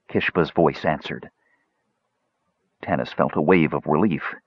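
A man narrating a fantasy audiobook in a dramatic, expressive reading. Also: a bass voice, measured pace, breathy edge, dull audio.

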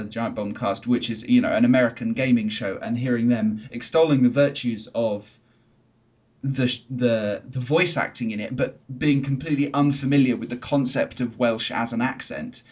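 A man's voice: mid-range voice, normal speed, a little mellow. A man co-hosting a podcast in casual chat, talking in a chatty, hesitant way with many fillers and restarts. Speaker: podcast co-host.

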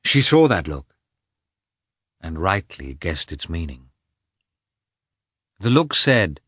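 A man reads a classic novel aloud in a low voice that rises and falls with lively expression. His delivery is measured and steady, and the recording is dry and close with no echo. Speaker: audiobook narrator. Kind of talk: scripted narration.

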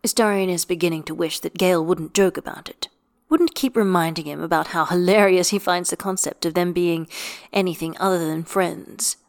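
A woman reading fan fiction aloud in a calm, even storytelling manner. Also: on the low side, moderate pace. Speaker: audiobook reader.

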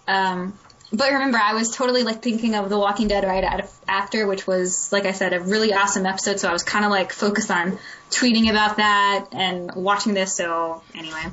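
A woman's voice: mid-range voice, fairly even intonation, fairly quick, fairly bright tone, muffled recording. Chatty, gushing woman podcast co-host. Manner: enthusiastic, rambling with fillers. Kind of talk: casual chat.

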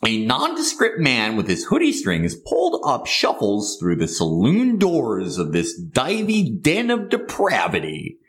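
A man reading his own screenplay aloud in a comedy bit, halting and rambling when he is interrupted. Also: mid-range voice, wildly swooping pitch.

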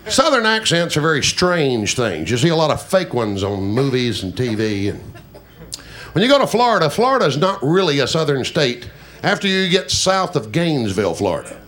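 A man's voice: a little high, big pitch swings, moderate pace, fairly bright tone. A man, a country singer, chatting and joking with the audience in folksy live stage banter. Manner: joking, teasing, folksy storyteller.

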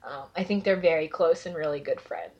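A woman chatting casually as a podcast co-host, talking fast with lots of filler words. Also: sits low, expressive, dull audio. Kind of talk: casual fan chat.

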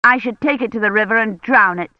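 A woman voicing a sullen, bossy medieval older sister who scolds in sharp, old-fashioned speech. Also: a little high, fast talker, no room sound, voice pushed up, lightly acted. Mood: scolding. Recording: dull dry audiobook recording.

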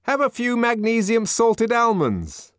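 A man's voice: extremely high pitch, very animated, measured pace, clear, resonant tone, no room sound, clean studio sound, voice pushed up, full character voice. A man voicing a nervous, placating male tourist who offers snacks eagerly.

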